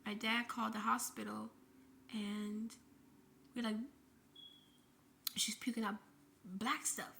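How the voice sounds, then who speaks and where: Shaken woman with a gravelly bright voice. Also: on the high side, little pitch movement, slow pace, pauses often, a little hiss or hum. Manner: breathless retelling with frequent swearing. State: shaken and grieving. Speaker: vlogger. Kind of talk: emotional personal storytelling.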